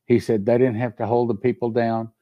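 A man's voice: mid-range voice, little pitch movement, fairly quick, dry recording, lo-fi sound. A male pastor delivering a sermon, telling stories earnestly and reading scripture aloud. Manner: earnest storytelling preacher, reads scripture aloud.

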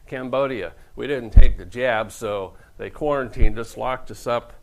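Pastor, middle-aged man, gravelly voice, preaches with jokes and acted-out quotes. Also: mid-range voice, a little slow, low-quality recording. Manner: joking, storytelling, acts out quoted voices. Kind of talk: humorous sermon.

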